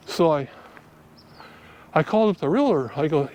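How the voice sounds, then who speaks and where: A man's voice: a little high, expressive, normal speed, long pauses, darkish tone, a little hiss or hum. Folksy older man telling a story. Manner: folksy, chatty, acts out dialogue in his own voice. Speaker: vlogger giving selling tips. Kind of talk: casual storytelling monologue.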